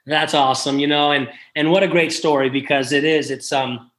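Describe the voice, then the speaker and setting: A man's voice: a little high, steady tone, fairly quick, fairly bright tone. Upbeat man hosting an interview. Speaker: podcast host. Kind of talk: casual interview.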